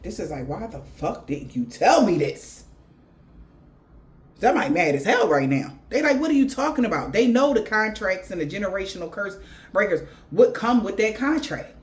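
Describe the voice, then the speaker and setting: A woman's voice: mid-range voice, animated, normal speed. A woman giving a spiritual reading in blunt, profane slang. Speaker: tarot reader.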